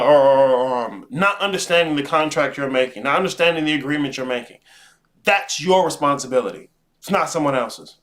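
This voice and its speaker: A man hosting a live stream, talking casually and profanely, swinging between low musing and loud preachy rants. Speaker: live show host.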